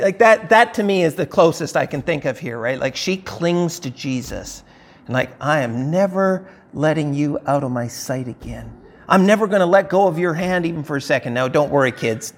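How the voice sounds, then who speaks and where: A man's voice: a little high, fairly bright tone. A man preaching a conversational sermon to his congregation, with emphatic rises and frequent restarts. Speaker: pastor.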